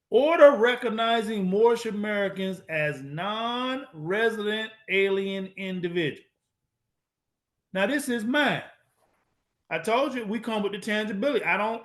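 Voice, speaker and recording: A man giving an emphatic lecture, repeating phrases for emphasis, with a casual, slangy, drawn-out delivery. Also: high voice, fairly bright tone. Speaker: speaker presenting to an online audience. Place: at a computer, sharing his screen.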